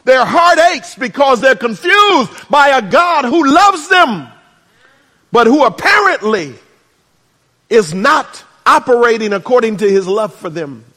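A man preaching a sermon, swinging between shouts and hushed asides and adding humorous remarks. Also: very high-pitched, sing-song, a little slow. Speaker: pastor. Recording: reverberant hall.

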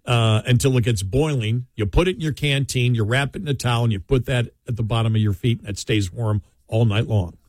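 A man's voice: mid-range voice, brisk, hardly any pauses, darkish tone, no echo. A man chatting casually as a show's co-host, telling long rambling stories and laughing often. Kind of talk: casual chat.

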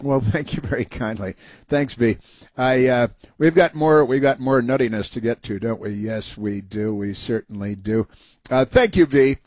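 Male talk host, mid-pitched, close dry studio mic, rambling and sarcastic. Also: moderate pace, darkish tone, no echo. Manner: rambling, sarcastic, many fillers and restarts. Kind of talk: opinionated talk show monologue.

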